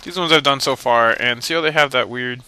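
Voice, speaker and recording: A young man talks through a video game in loose, rambling commentary, cracking jokes and poking fun at himself. His voice is bright and crisp, with a clear, smooth tone. He sits mid-range in pitch. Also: fairly quick. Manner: joking, rambling, self-mocking. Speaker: let's play host. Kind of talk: casual gameplay commentary.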